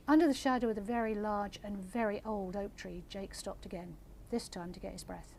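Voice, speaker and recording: Older female author, gentle measured reader at a live event. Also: mid-range voice, fairly even intonation, creaky, slight background noise. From England. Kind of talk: reading aloud then audience Q&A.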